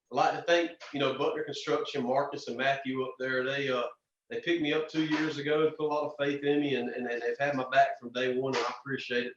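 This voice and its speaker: A young man, a racer guest telling animated stories in a casual interview. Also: medium pitch, slight background noise. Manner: animated storyteller, frequent restarts and "man". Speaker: drag racer and podcast guest. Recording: distant, roomy, dull lo-fi sound.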